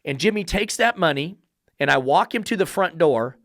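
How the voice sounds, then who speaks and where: Speaking on the high side with a fairly bright tone, this dog trainer is animated and keeps a normal speed. His teaching monologue is blunt, profane and emphatic, lecture-like and full of rhetorical questions, in studio quality with no echo.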